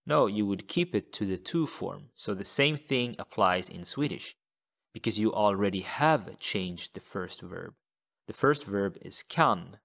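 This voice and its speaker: Slow, gravelly male language teacher. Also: fairly low pitch, expressive, fairly bright tone. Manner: slow, deliberate, repeats example phrases. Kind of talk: scripted language lesson.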